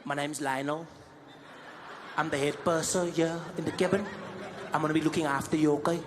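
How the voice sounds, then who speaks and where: A man's voice: on the high side, fairly even intonation, fairly quick, crowd noise, noisy background, close to an everyday voice. A man voicing an eager, nervous flight purser who fusses and over-promises. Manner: fawning, jittery, over-promising.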